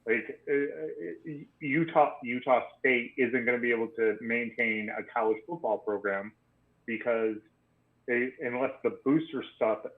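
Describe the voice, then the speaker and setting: A man's voice: medium pitch, unhurried, roomy sound. Man on a tinny call-in line. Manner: laid-back, joking, opinionated. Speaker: podcast co-host. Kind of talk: casual sports chat.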